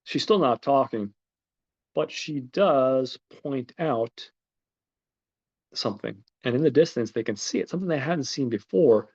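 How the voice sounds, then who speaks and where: A man's voice: medium pitch, darkish tone. A man hosting a podcast, retelling a film's plot in a rambling, casual way with lots of fillers and swearing. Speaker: podcast host. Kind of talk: casual film recap. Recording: dull lo-fi recording.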